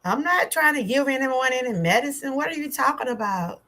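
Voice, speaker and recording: A woman's voice: sits high, animated, brisk, fairly bright tone. A woman from Georgia with a Southern accent, chatting with viewers on a livestream as a wellness vlogger, exclaiming and talking back to her chat.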